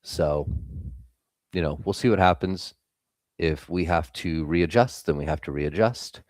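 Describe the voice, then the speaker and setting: A man's voice: sits low, unhurried, no room sound, clean studio sound. A young man hosting a live trading stream, giving blunt, casual market commentary and swearing freely.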